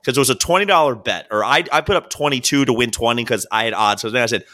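A man hosting a podcast, telling a story about a bet in a wry, deadpan way. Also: medium pitch, quick pace. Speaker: podcast host. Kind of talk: casual storytelling chat.

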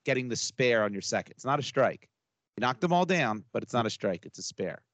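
A man's voice: medium pitch, sing-song, fairly quick, fairly bright tone, no echo. A man co-hosting a podcast, arguing his point in casual chat and laughing often. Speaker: podcast co-host.

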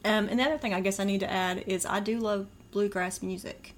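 A woman's voice: mid-range voice, steady tone, a little fast. A woman co-hosting a podcast, chatting casually, laughing often and breaking into song while quizzing her sister. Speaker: podcast co-host. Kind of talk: casual chat, quizzing by reading and singing lyrics.

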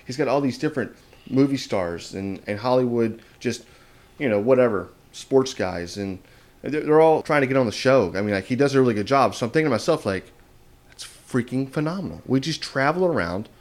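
A man's voice: medium pitch, expressive, brisk. A man from Texas, hosting a podcast in a rambling, filler-heavy way. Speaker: podcast host. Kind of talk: casual podcast chat.

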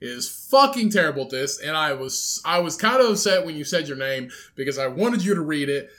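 A man's voice: fairly high pitch, animated, fairly quick, a bit bright. A man co-hosting a casual podcast chat, teasing and swearing a lot, often mocking with fake stutters. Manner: teasing and profane, mock stutters. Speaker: podcast co-host.

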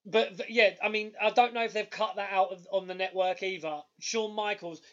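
Male podcast co-host, high voice, excitable storyteller, muffled lo-fi recording. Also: moderate pace. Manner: excitable, animated storytelling with loud bursts. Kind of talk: casual chat.

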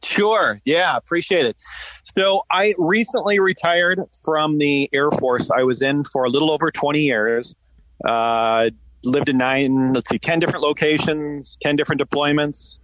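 A man's voice: a little high, normal speed, fairly bright tone, no room sound, lo-fi sound. A man in his forties, a podcast guest and company founder, answering casually and telling his story with frequent ums and uhs.

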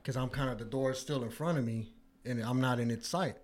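A man in casual chat, telling a story with lots of swearing and high-pitched quoted voices. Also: a little fast.

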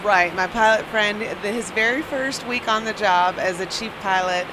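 A woman tells a rambling work story, correcting herself as she goes and laughing at it. Her voice is mid-pitched, with clear traffic and street noise behind her. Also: moderate pace. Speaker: flight attendant guest. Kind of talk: casual anecdote.

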